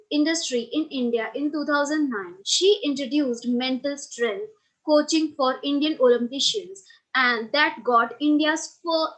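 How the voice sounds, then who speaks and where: A woman with a high voice hosts the conference session, reading a prepared introduction in a formal, polite way. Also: fairly bright tone, poor audio. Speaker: conference host.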